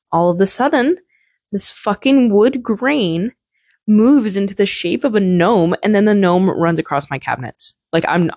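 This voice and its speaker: A woman's voice: on the low side, darkish tone, no room sound. A young woman hosting a podcast, telling a candid, rambling personal story full of swearing and filler words. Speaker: podcast host.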